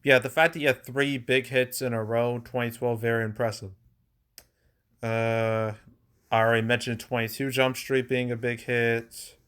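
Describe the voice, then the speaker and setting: Male host, mid-pitched voice, easygoing rambling delivery with lots of "like" and the odd chuckle. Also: little pitch movement, moderate pace, a bit bright, smooth. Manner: rambling, filler-heavy with frequent "like"; chuckles now and then. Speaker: movie box office commentator. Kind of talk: casual solo commentary.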